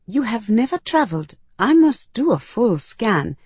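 A woman's voice: a little high, big pitch swings, unhurried, darkish tone, breathy edge, no room sound, voice pushed up, exaggerated voice. A woman voicing a very old officer with a parched voice. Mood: formal. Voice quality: dry, parched voice. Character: very old stern male travel security officer.

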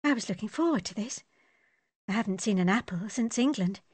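A woman voicing a young, reserved English army nurse with a polite, crisp manner. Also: medium pitch, lively intonation, fairly quick, a little mellow, no room sound.

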